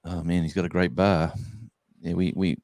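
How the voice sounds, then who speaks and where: A man's voice: deep voice, flat delivery, normal speed, darkish tone, dry recording. A man with an Australian accent telling a rambling story in a casual chat, full of fillers and restarts. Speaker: guest musician.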